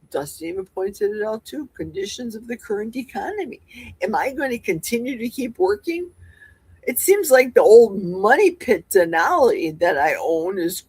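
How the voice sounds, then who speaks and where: In a dry recording, a woman in her sixties hosts a livestream, her mid-range voice slightly rough. She's from Wisconsin, speaks with a Midwestern accent, and rambles through casual chat and viewer comments with folksy asides.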